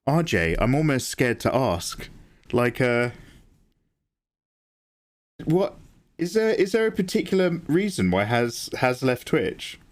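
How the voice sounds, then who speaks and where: A man chatting casually with viewers while he draws on a livestream, getting excited, swearing freely and thanking people by name. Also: mid-range voice, takes it slowly, long pauses. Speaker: livestreaming artist.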